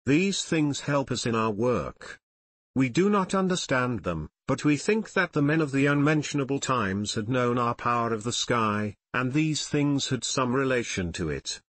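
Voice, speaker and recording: Husky man reading an audiobook. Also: mid-range voice, lively intonation, moderate pace, a bit bright, no echo. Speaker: audiobook narrator. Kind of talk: scripted narration.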